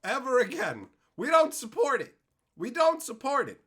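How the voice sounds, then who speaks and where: High, lively man ranting on stream. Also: normal speed, slightly rough. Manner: loud, profane, mock-angry ranting. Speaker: streamer opening card packs. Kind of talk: live-stream banter reading chat.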